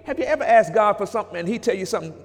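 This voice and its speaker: A man preaching a sermon as pastor, moving from hushed passages to shouts and calling out to the congregation. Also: high-pitched, animated, racing. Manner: preacherly, swings between hushed and shouted, talks back to congregation. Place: church sanctuary. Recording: long reverb of a church hall.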